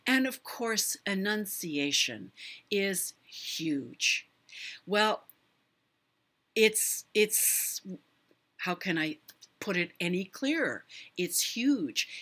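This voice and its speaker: A middle-aged woman hosting a live stream, giving voice tips in a measured way with many pauses and fillers. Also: lowish voice, a bit bright, breathy edge. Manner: measured, hesitant with fillers, demonstrates voice techniques. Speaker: host.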